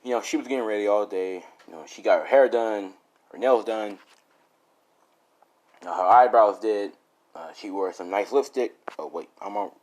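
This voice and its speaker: A man's voice: lowish voice, normal speed, a little mellow, a little hiss or hum. A young man casually improvising a fan story, rambling and laughing at his own jokes.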